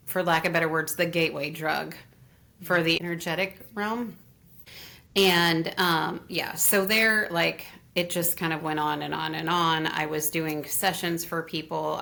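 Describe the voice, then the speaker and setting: A woman guest in an interview, telling a long personal story in a casual, animated way with frequent laughs. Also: sits low, measured pace, vocal fry. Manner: animated, laughs often, acts out what others said. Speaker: interview guest, Reiki teacher.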